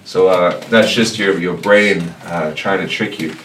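A very low-voiced man leads a classroom lesson, speaking patiently and repeating words slowly so students can follow. He sounds distant from the mic, in an echoey room with a faint hiss underneath. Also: fairly bright tone. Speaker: language teacher.

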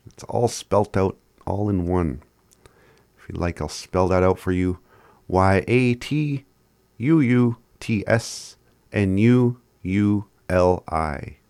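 A man giving a casual language lesson, laid-back and chuckling often as he spells words out slowly. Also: deep voice, a little mellow, no echo. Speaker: language teacher.

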